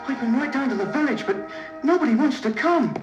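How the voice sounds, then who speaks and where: A man's voice: very high-pitched, expressive, a little fast, muffled recording. An actor playing an earnest young boy, the innkeeper's son, on a vintage children's story record. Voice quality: eager, polite. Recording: echoey vintage vinyl with music behind.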